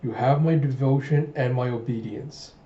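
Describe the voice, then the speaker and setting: A man's voice: mid-range voice, moderate pace, warm tone, natural voice. A man voicing a blunt, fiercely loyal young general while reading a manga aloud. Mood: stern. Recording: echoey room, dull lo-fi sound.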